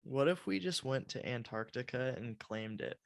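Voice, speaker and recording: A man's voice: medium pitch, animated, normal speed, vocal fry, no echo. A man co-hosting a casual podcast chat, easygoing and laughing along. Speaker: podcast co-host.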